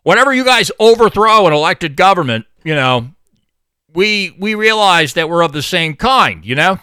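Brief: man putting on a smug spy agent, breezy and sarcastic, bright clear tone, dry close sound. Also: high-pitched, animated, normal speed, no echo. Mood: chummy. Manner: sarcastic, buddy-buddy. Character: smug chummy male intelligence agent.

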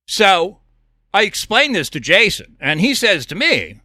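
A podcast host delivers a profane, heated monologue in a high voice that swings widely in pitch. His tone is bright and forceful, and he clears his throat often. The sound is dry and close. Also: big pitch swings, unhurried, dry recording. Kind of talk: angry monologue rant.

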